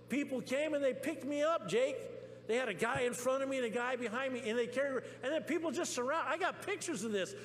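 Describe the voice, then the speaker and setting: Man, high voice, excited testimony sermon, stumbling restarts, long church reverb, faint hum. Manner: excited storytelling with frequent restarts. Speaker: preacher. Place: church sanctuary.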